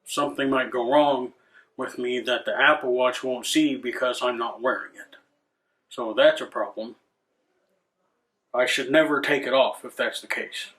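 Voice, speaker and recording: A man's voice: mid-range voice, fairly even intonation, unhurried, fairly bright tone. A man hosting a rant video, swearing a lot, irritated and sarcastic, with frequent restarts. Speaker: channel host. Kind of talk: ranting commentary.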